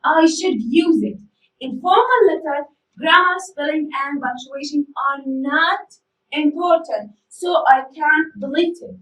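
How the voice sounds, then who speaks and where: A woman's voice: sits high, a little slow, fairly bright tone, far from the mic. A woman whose first language is Arabic teaches an English lesson, repeating key words and asking the class rhetorical questions. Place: school studio. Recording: echoey room, voice from off-mic.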